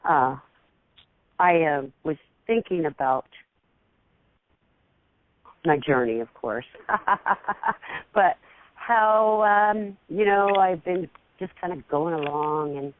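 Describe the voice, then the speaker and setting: A woman's voice: lowish voice, animated, dry recording. A woman caller rambling about her spiritual journey in a meandering, giggly way. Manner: giggly, meandering, drawn-out phrasing. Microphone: phone. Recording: tinny phone line.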